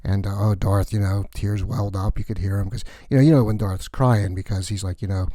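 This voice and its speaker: A man's voice: lowish voice, steady tone, fairly quick, warm tone, no echo, studio quality, close to an everyday voice. A man playing a gossipy male cleaner on a space station, rambling through chatty news full of asides in a comic sketch.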